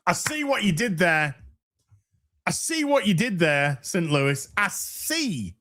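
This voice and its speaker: A man hosting a casual live stream, reading super chats and answering with profane, animated banter. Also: on the high side, measured pace. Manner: animated, profane, warm toward chat.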